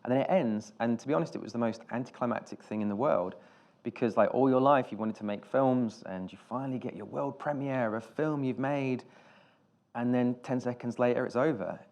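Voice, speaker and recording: A British film director telling stories on stage in an interview, rambling and self-deprecating, with many restarts. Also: male voice, medium pitch, brisk, a little mellow, dull audio. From Britain.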